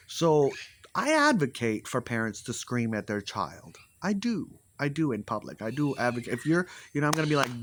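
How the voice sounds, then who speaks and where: A man giving blunt opinions in a casual monologue, animated, swearing freely and repeating his points for emphasis. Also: medium pitch, brisk, a little hiss or hum.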